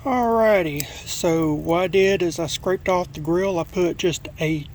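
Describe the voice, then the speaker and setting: A man with a Southern US accent, casually explaining a cook as he works, folksy and relaxed. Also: high-pitched, a little slow, a little hiss or hum. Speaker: cooking vlogger. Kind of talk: casual cooking demonstration.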